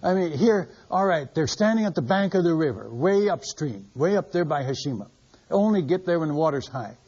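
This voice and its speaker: A man's voice: a little high, lively intonation, brisk, a little mellow, breathy edge. An older man, a missionary preacher, telling a story in a sermon. He speaks animatedly, repeats words and acts out the dialogue. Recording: muffled lo-fi recording.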